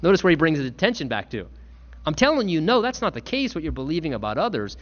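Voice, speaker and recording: Male pastor, animated sermon delivery, slightly raised pitch, dull recording. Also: quick pace. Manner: earnest, emphatic preaching with repetition.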